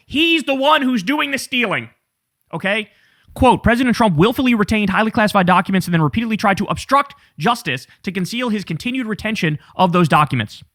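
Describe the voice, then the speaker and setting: A man's voice: high voice, fairly bright tone. A man giving emphatic, indignant political commentary straight to his viewers.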